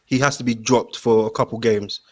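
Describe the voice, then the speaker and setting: A man's voice: medium pitch, normal speed, a crowd in the background. Slangy man debating football. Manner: animated, slangy, interrupts and repeats himself. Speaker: football pundit. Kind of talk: casual debate chat.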